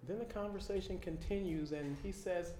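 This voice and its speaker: A man preaching a sermon in an animated way, acting out people's reactions and repeating his key lines. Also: sits high, normal speed, slight background noise. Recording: echoey room.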